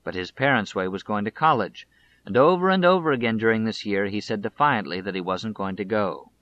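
A man narrates a biography audiobook, reading expressively yet in a measured, deliberate manner. His voice is somewhat low, with a bright, forceful tone, and the recording comes across muffled and lo-fi.

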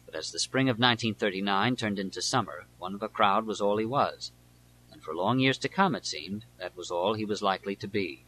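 A man with a lowish voice narrates a nonfiction audiobook in a measured, deliberate read. His tone is bright and pressing, with a forceful edge. A faint hum sits under the recording. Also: low-quality recording.

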